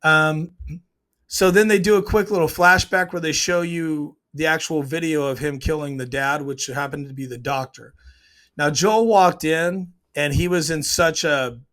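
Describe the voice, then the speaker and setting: A man's voice: fairly high pitch, moderate pace, fairly bright tone. A man giving a casual, opinionated breakdown of a TV scene, retelling it and acting out the lines as he goes. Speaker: TV show reviewer.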